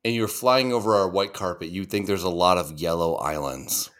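A man's voice: low-pitched, normal speed, a bit bright. A man co-hosting a podcast, telling rambling, profane stories in casual chat. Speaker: podcast co-host.

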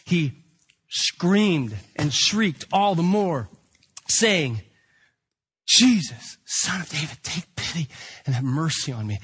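A man preaching an animated sermon, acting out the shouting beggar and the crowd. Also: on the high side, breathy edge. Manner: dramatic, acts out the shouting beggar.

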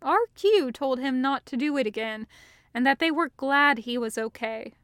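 A woman narrating a fan-fiction story as an audiobook reading, in a steady, even storytelling manner. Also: sits high, moderate pace, smooth, dry recording, studio quality.

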